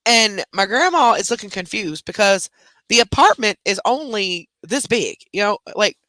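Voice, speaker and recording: A woman host telling a family story in a casual, animated chat, swearing freely as she goes. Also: mid-range voice, moderate pace, no echo.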